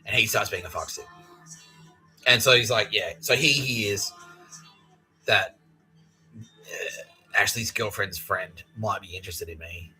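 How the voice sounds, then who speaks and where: Profane bright-voiced male podcast storyteller. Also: on the low side, measured pace, long pauses, soft background music, poor audio. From Australia. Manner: profane, rambling, mimics people in exaggerated voices. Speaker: podcast host. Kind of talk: comedic storytelling monologue.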